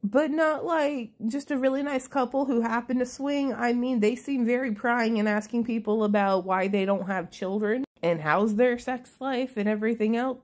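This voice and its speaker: A woman's voice: a little high, normal speed, few pauses, a little mellow. A woman recapping a movie in a casual, chatty way, sarcastic and full of swearing.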